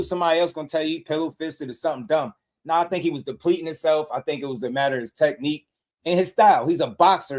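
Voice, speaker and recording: A man hosting a live boxing stream in loose, slangy casual chat, giving shout-outs to viewers. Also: on the high side. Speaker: livestream host.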